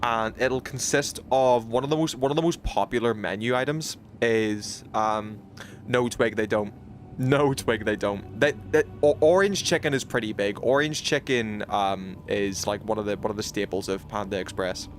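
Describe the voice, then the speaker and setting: A man's voice: on the low side, normal speed, a little hiss or hum. A British man streaming a game, chatting casually with his viewers in a rambling way, full of fillers and restarts. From United Kingdom. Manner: rambling, many fillers and restarts, reacts to chat.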